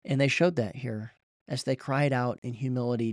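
A man's voice: mid-range voice, steady tone, normal speed, no echo, studio quality. A man preaching a sermon, reading scripture and then urging listeners in an earnest, repetitive way with frequent restarts.

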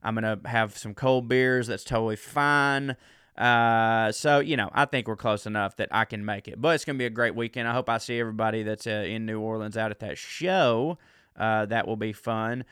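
A man's voice: on the low side, normal speed, a bit bright, clean tone, no room sound, studio quality. A man, hosting his own podcast as a comedian and rambling in a self-mocking way with lots of fillers. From Southern US. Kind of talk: casual solo podcast chat.

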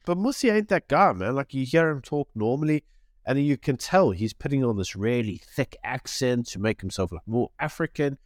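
A man's voice: medium pitch, expressive, moderate pace, no room sound, clean studio sound. A man co-hosting a podcast in casual chat, talking in an opinionated way and sometimes acting out what others said. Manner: opinionated, acts out quotes in other voices. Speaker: podcast co-host.

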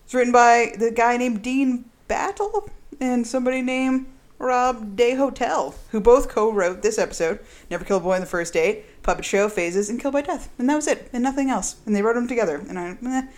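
A woman's voice: on the high side, fairly quick. Giggly woman hosting a podcast. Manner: giggly, playful, stumbles over words. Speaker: podcast host. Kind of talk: casual podcast chat. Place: echoey room.

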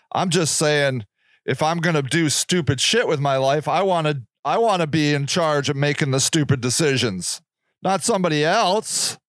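A man's voice: a little high, fairly bright tone, dry recording, clean studio sound. A man in his sixties hosting a podcast, ranting in a profane, sarcastic way and laughing at himself. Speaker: podcast host. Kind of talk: casual ranting monologue.

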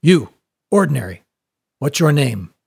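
Brief: man reading a no-nonsense ship's mate, clipped, loud, husky, higher than his own voice. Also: sing-song, a little slow, heavily acted. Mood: urgent. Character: brisk male first mate of a ship.

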